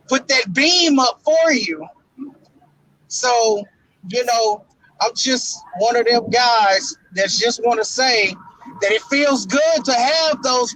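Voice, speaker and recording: A man co-hosting a casual wrestling talk show, talking in an emotional, preacher-like way with dramatic pauses. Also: very high-pitched, fairly bright tone, dry recording, low-quality recording. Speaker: podcast co-host.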